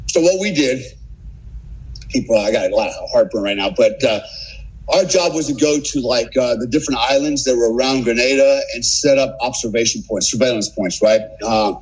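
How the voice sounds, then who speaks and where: A husky-voiced man in his sixties tells old war stories in a loose podcast chat. He swears freely and acts out the scenes as he goes, with a middle-pitched voice. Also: moderate pace, poor audio. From United States. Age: 60s. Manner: profane, animated war-story teller. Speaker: podcast guest, military veteran. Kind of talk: casual storytelling.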